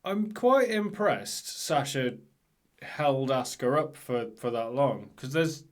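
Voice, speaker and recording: A man's voice: mid-range voice, expressive, slow. A man co-hosting a podcast, chatting casually and rambling with self-mocking jokes. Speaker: podcast co-host. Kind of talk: casual chat about wrestling.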